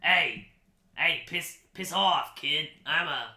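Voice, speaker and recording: A man voicing a crude, chain-smoking female alien who talks in a gruff, loud, pushy way. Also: on the high side, slow pace, roomy sound, exaggerated voice. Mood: brash.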